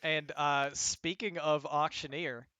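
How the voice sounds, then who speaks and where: A man with a slightly higher voice hosts an esports stream, recorded dry and close. He talks casually with plenty of fillers and reads promo copy quickly and brightly. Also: level tone, smooth, no echo. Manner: reads rapid-fire sponsor spots quickly and upbeat. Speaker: host of esports league show.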